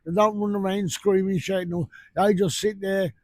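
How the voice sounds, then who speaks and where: A man, talking casually for a fishing vlog in a blunt, sweary, ranting way, outdoors on a beach at night by rough surf. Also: sits high, steady tone, normal speed, darkish tone, dry recording. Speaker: fishing vlogger.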